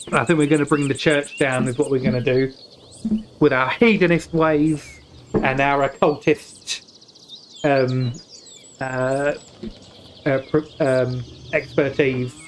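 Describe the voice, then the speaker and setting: A young British man streams a story game, reading its text aloud in casual let's-play fashion and tripping over difficult words with joking asides. His voice is mid-range, with a little hiss or hum on the recording.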